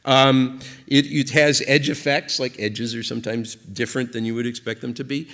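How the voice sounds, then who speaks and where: A man's voice: mid-range voice, steady tone, normal speed, fairly bright tone. A man giving an invited academic conference talk, explaining ideas aloud in a loose, thinking-aloud way with frequent fillers and restarts. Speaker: invited speaker. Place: lecture hall. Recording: long reverb of a lecture hall.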